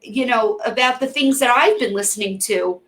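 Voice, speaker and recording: A woman's voice: on the high side, moderate pace, fairly bright tone. A woman hosting a casual interview, asking rambling questions full of fillers and restarts. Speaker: host.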